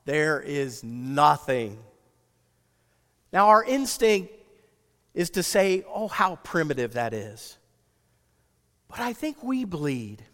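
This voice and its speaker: A man preaching a sermon as pastor, swinging from loud, excited storytelling to hushed, intense appeals. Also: a little high, in a large hall.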